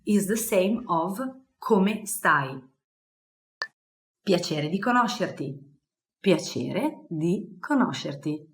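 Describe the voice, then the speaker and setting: A woman's voice: on the low side, animated, takes it slowly, long pauses, roomy sound. A woman with an Italian accent, a native Italian speaker, teaching phrases in a casual lesson with many fillers. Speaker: language teacher. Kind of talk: language lesson.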